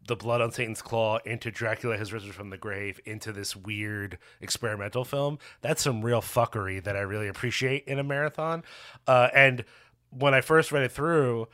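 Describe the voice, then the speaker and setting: A man's voice: medium pitch, pushed and bright. A man co-hosting a podcast in casual movie chat, rambling, restarting his sentences and swearing casually. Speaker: podcast co-host.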